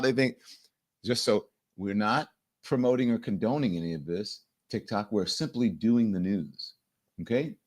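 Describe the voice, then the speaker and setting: A man's voice: on the low side, moderate pace. A man hosting a live news show and commenting on the day's stories. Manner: animated, mimics people in quoted voices. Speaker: show host.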